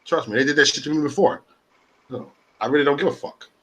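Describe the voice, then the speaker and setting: A man's voice: on the high side, quick pace. A man in his forties hosting a live stream, ranting in a profane, repetitive and confrontational way. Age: 40s.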